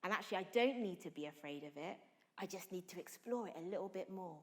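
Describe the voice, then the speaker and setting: A woman actor from Somerset giving an energetic motivational talk to students, who keeps checking in with her listeners. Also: lowish voice, quick pace. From England (Somerset).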